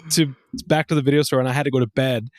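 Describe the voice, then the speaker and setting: A man in his thirties co-hosting a casual podcast, telling animated stories with lots of swearing. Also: rapid-fire, no echo, studio quality. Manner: animated storyteller, swears, acts out quotes in high voices. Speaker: podcast co-host. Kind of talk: casual chat.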